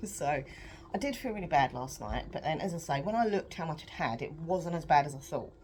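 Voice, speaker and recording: Croaky british woman rambling on her home vlog, lower voice, little hiss behind. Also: expressive, fairly quick, a little mellow. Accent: British English. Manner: chatty, rambling, self-deprecating, laughs often. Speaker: vlogger. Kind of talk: casual confessional vlog chat.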